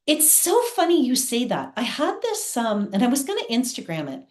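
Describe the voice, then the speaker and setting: A woman's voice: on the high side, huge pitch swings, moderate pace. A woman guest on an interview show, telling personal stories in an earnest, heartfelt way. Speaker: guest, theatre producer. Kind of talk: candid personal storytelling. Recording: roomy echo.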